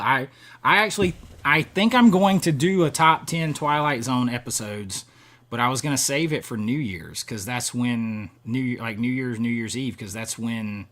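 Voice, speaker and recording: Reading through viewer comments on his live stream, a middle-aged host rambles in a casual, chatty way. His voice sits in the mid range and sounds a bit bright, and he frequently chuckles between thoughts.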